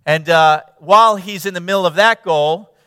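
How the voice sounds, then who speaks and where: A male preacher reading and retelling scripture with earnest emphasis, then praying softly. His voice is slightly high, bright and smooth. The sound carries a long reverb. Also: normal speed, studio quality. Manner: earnest, emphatic, drops to a hushed tone in prayer. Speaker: pastor. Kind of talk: sermon with scripture reading and prayer.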